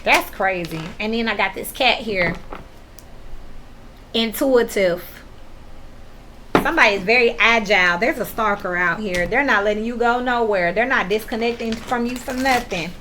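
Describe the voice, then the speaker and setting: A woman's voice: fairly high pitch, moderate pace, background noise. A woman giving a casual tarot reading, talking straight to the viewer in a blunt, slangy, profane way that gets worked up, with sudden laughs. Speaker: tarot reader.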